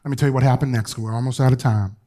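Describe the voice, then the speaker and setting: A man preaching a sermon as bishop to his congregation, telling stories with colloquial asides and moving between loud, lively passages and quiet, hushed urging. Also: mid-range voice, very fast.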